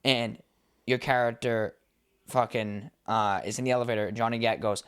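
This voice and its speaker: A man's voice: mid-range voice, steady tone, fairly quick, smooth. A young man co-hosting a podcast, telling rambling stories in casual chat and swearing freely. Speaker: podcast co-host.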